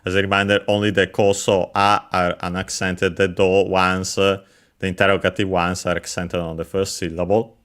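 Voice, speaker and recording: A man teaching Japanese vocabulary while playing a game, explaining carefully in halting phrases full of pauses and fillers. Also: low voice, level tone, fairly bright tone. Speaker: language teacher.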